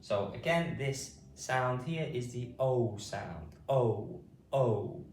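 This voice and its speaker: British guy teaching phonics super slowly, spells out each sound, roomy echo, mic kinda far off. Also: medium pitch, expressive. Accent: British English. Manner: slow, deliberate, repeats sounds and spells them out. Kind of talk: slow classroom phonics lesson. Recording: roomy sound from a distant mic, faint hiss.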